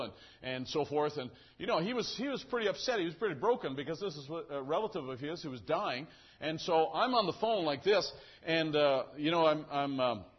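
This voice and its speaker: A male pastor preaching, telling a story with animated acting and gestures. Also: fairly high pitch. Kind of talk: sermon with a story. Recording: dull lo-fi recording.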